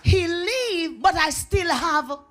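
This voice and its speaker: A woman with a Jamaican accent preaching a revival sermon in church, dramatic and call-and-response, building to shouts. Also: very high-pitched, animated, takes it slowly, noisy background. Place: church sanctuary. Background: organ or keyboard music.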